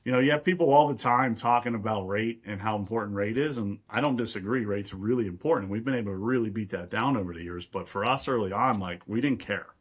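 A man with a low, husky voice talks through his ideas as a podcast guest. He explains at length and keeps asking "right?" to make sure the listener is following. He is a real estate investor from Pittsburgh. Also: fast talker, hardly any pauses. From Pittsburgh, USA. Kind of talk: podcast interview.

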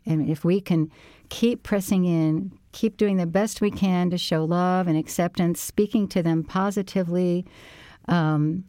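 A middle-aged woman guest speaking gently and reflectively, offering encouragement with frequent pauses to think. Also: on the low side, steady tone, no room sound, clean studio sound. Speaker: interview guest, parent support co-founder. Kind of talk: casual conversation.

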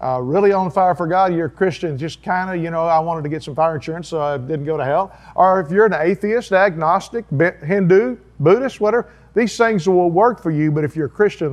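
A man's voice: fairly high pitch, brisk, hardly any pauses. A man, a pastor giving a folksy, earnest sermon-style talk with chatty asides.

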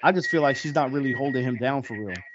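A man on a panel in a casual chat, speaking in a measured way with lots of "you know.". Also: medium pitch. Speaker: podcast panelist. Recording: lo-fi with loud noise.

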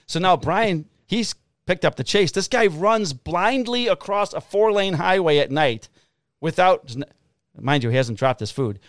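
A middle-aged man, a police officer, telling a story in a casual, profane, animated way. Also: sits high, a little slow, no echo, studio quality.

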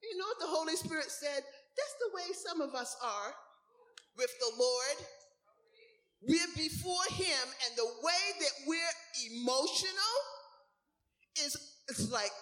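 A woman's voice: high voice, animated, a little slow, pauses often, sharp tone. A middle-aged woman preaching a sermon, acting out whiny prayers as she goes.

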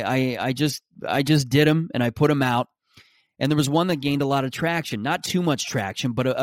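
A young man hosts a casual solo podcast, rambling along with restarts and self-mocking jokes. His voice is mid-range, and the studio-quality recording has no echo.

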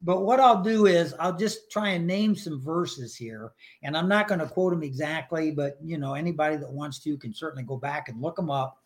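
A man's voice: a little high, moderate pace, few pauses. Earnest older man telling his testimony. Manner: earnest, emotional storytelling with acted-out prayers. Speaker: guest sharing his faith story. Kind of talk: personal testimony in a podcast interview.

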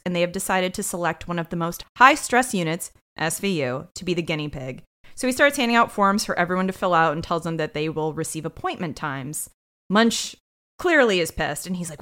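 A woman with a fairly low, fairly quick voice co-hosts a podcast. In casual chat she goes over a TV episode, bringing energy as she acts out what the characters said.

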